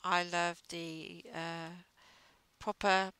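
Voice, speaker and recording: A woman's voice: lowish voice, flat delivery, very slow, sharp tone, smooth, no room sound. A woman livestreaming while she knits, chatting casually in a rambling way with plenty of fillers. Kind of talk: casual chat while knitting. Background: faint music.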